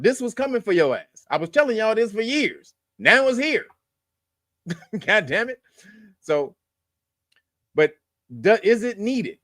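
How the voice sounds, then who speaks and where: Man, high voice, blunt and profane, lecturing, dry close sound. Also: fairly bright tone, dry recording. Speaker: host. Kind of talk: commentary on news clips.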